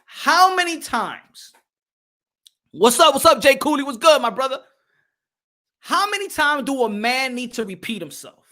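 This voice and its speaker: A man's voice: extremely high pitch, big pitch swings, unhurried, long pauses, pushed and bright. A man hosting a casual livestream podcast, talking animatedly, repeating phrases and calling out to his chat. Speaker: podcast host.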